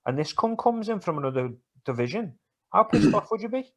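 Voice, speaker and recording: A man co-hosting a podcast, chatting in a sweary, animated, teasing way. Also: high-pitched, a little fast. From England. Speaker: podcast co-host. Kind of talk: casual banter about football and MMA.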